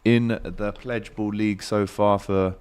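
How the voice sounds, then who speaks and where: Low-voiced, laid-back male host. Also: flat delivery, normal speed, a little mellow, clean tone. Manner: laid-back, chatty, full of fillers. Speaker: show host. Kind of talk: casual live football chat.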